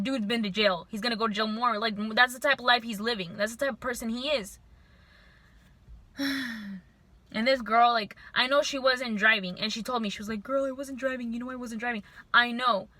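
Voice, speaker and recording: A young woman vlogger telling a storytime to camera, venting in an animated, frustrated way. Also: a little high, no room sound.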